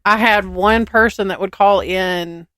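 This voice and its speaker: A woman's voice: mid-range voice, steady tone, measured pace, a bit bright, smooth, dry recording. A woman with a Southern US accent, co-hosting a podcast, dramatic and playfully defensive in casual chat. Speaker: podcast co-host.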